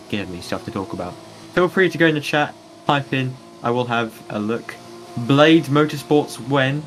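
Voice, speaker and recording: A man's voice: fairly low pitch, a bit bright, slight background noise, rough recording. A man, commentating a sim racing stream in a casual, joking manner. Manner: joking, playful, chatty with chat.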